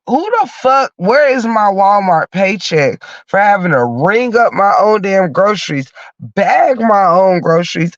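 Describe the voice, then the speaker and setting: A man's voice: sits high, a bit bright, no room sound. A man with a stuffy nose from a cold, ranting bluntly and cursing through a heated story as a podcast host. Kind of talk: profane comic rant. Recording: dull lo-fi dry sound.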